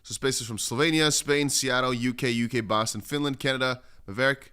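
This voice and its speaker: A man's voice: medium pitch, brisk, bright, forceful tone, smooth. A man hosting a casual crypto livestream, rambling through chart commentary and reading viewer comments aloud. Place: home studio in Dubai.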